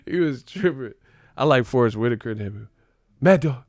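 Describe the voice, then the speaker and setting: Dude on a livestream, laughs a lot, curses, medium voice, dry sound. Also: male voice, medium pitch, brisk, no room sound. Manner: animated, laughs often, slangy and profane. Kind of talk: casual livestream chat.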